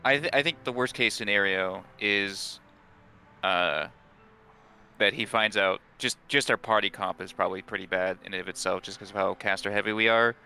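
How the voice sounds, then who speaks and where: A man's voice: fairly low pitch, normal speed, gravelly, pushed and bright, clear, resonant tone. A man playing a tabletop game, thinking aloud and weighing options with restarts. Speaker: player. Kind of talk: casual tabletop game chat.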